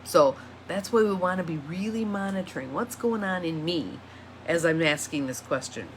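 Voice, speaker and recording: A woman with a fairly low voice gives a relaxed coaching talk. She reads reflective questions out loud and goes back over them. A faint hiss of noise sits behind her. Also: normal speed. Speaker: empowerment coach. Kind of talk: casual teaching monologue.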